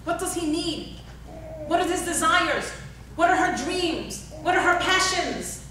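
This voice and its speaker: High, bright woman exhorting a hall. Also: animated, unhurried. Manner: exhorting, repetitive, asks the audience questions. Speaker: motivational workshop speaker. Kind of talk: motivational seminar talk. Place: large echoey workshop hall. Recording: echoey hall, speaker far from the recorder.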